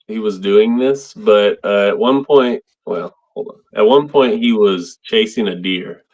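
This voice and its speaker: A man with a lowish voice, talking through a movie with a podcast co-host. He is relaxed and wry, and leans on a lot of filler words. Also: measured pace, low-quality recording. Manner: laid-back, wry, uses filler words. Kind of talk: casual movie discussion.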